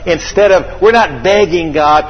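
A man preaching a sermon to a congregation, lively and joking, calling out for amens. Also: on the high side, measured pace. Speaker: pastor. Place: church hall. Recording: echoey, slightly dull church hall recording.

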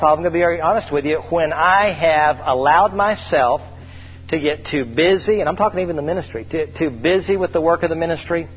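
A man's voice: a little high, slight background noise. A man preaching a sermon to a congregation, stretching out scripture readings and telling stories with energy. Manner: preacherly, drawn-out scripture reading, lively storytelling. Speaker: pastor. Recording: dull lo-fi hall recording.

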